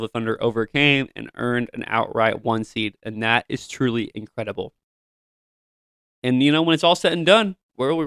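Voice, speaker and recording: A young man hosting his own sports show, talking to his listeners in an animated, hyped fan style with lots of asides. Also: mid-range voice, clear, resonant tone, no echo. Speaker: show host. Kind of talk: solo sports podcast talk.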